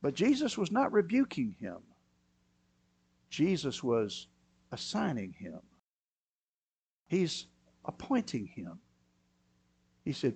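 A man preaching a sermon, moving between quiet, low asides and loud, emphatic bursts. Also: wildly swooping pitch, slow pace, long pauses, husky, no echo. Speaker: pastor.

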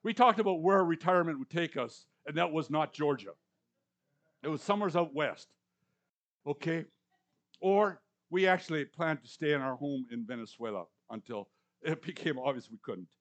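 Older male preacher with a lively delivery. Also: on the high side, moderate pace. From Canadian or US prairies. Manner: conversational, repeats words for emphasis, swings between loud and soft. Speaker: pastor. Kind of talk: sermon.

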